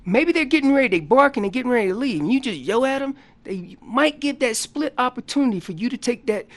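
A man guest on a radio show explaining hunting calls in a casual, animated way, acting out what the animals are saying. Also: very high-pitched, fast. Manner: loose casual grammar. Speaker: elk calling champion guest. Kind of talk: instructional radio interview.

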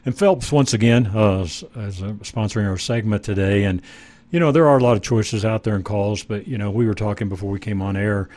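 A man's voice: lowish voice, brisk, darkish tone. A man hosting a radio talk show, asking easygoing, rambling questions with plenty of fillers. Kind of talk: casual radio interview.

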